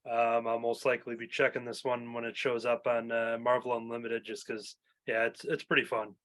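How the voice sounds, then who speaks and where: A man's voice: mid-range voice, monotone, brisk, a bit bright. Casual male podcast host. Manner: loose, filler-heavy, reading previews aloud. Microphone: home recording mic.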